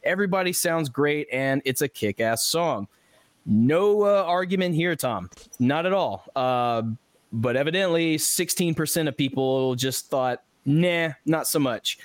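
A man hosting a podcast, casually reading listener comments aloud with animated asides and frequent laughs. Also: fairly high pitch, unhurried, dry recording. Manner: animated, laughs often, restarts sentences. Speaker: podcast host.

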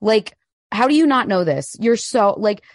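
A woman's voice: medium pitch, lively intonation, moderate pace, no room sound, studio quality. A young adult woman co-hosting a casual podcast chat, blunt and indignant, swearing freely. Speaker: podcast co-host.

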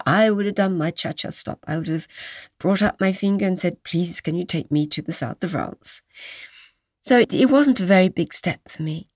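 Husky older Englishwoman reminiscing. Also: medium pitch, no room sound, clean studio sound. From England. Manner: reminiscing, gently animated, dips into soft whispers. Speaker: guest. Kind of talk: storytelling in an interview.

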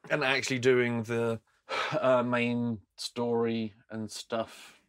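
A man with a mid-range voice trades dry, deadpan quips in casual podcast chat. He sits close to the microphone in a dead, echo-free space. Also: mid-range voice, slow pace, clear, resonant tone. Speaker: podcast co-host.

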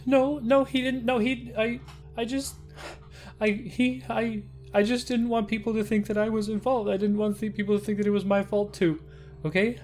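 A man's voice: medium pitch, steady tone, a little mellow, lightly acted. A man voicing a guilt-ridden, frightened young village woman who stammers and halts, in a tabletop game with faint music behind. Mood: panicked. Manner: stammering, halting, breaking down.

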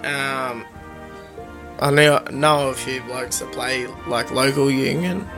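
A man's voice: medium pitch, fairly even intonation, takes it slowly, over music. A man, co-hosting a podcast, teasing and joking in casual banter. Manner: joking, teasing, laughs a lot. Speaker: podcast co-host. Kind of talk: casual banter on a live show.

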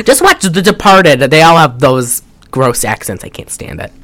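A man's voice: fairly high pitch, sing-song, moderate pace, fairly bright tone, no echo. A man co-hosting a casual chat, recapping a film in a rambling, jokey way with lots of fillers. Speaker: podcast co-host.

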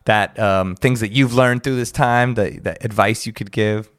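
A man's voice: on the low side, steady tone, moderate pace, smooth, dry recording, clean studio sound. A man with an American accent hosting a casual podcast interview, laid-back and slangy, often laughing. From United States. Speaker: podcast host.

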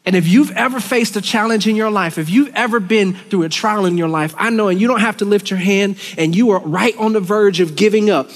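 A man leading worship, giving an earnest, emotional sermon in a church, with halting restarts. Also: high voice. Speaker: worship leader. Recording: long church hall reverb.

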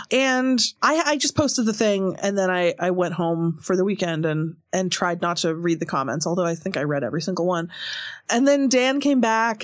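A woman guest in an interview telling a candid story in an animated way, laughing often between quick asides. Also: mid-range voice, no room sound, studio quality. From Seattle area.

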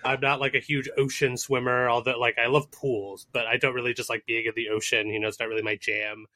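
A man's voice: mid-range voice, little pitch movement, fairly quick, bright, forceful tone. A man in his thirties co-hosting a podcast, chatting casually in a rambling, jokey way and laughing often. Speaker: podcast co-host. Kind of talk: casual chat.

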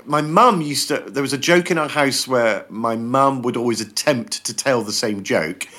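A man's voice: medium pitch, moderate pace. A man chatting on a podcast, telling long jokes and acting out the characters in them. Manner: animated storyteller acting out joke characters. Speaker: podcast guest. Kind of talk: casual chat.

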